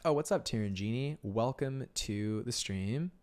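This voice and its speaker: A man chatting casually as he sketches on a live stream, relaxed and rambling, with lots of "like"s and filler words. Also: medium pitch, measured pace. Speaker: illustrator streaming his sketching. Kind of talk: casual chat while drawing on stream.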